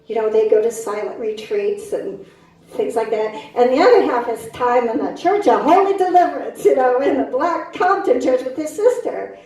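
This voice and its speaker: A woman's voice: a little high, expressive, moderate pace, mellow. A middle-aged woman doing a stand-up set on a club stage, punchy and brash, bantering with the crowd. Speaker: stand-up comic. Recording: very echoey club from a distance.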